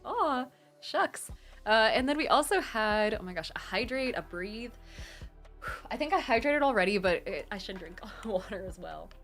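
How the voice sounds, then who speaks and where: This is a young woman on a home desktop stream, chatting casually and reading out donations for a charity drive. Her voice swings up and down as she gushes her thanks. Soft music plays faintly behind her. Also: a little high, moderate pace. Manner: bubbly, excitable, gushing thanks. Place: home room at her computer. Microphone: desktop streaming mic.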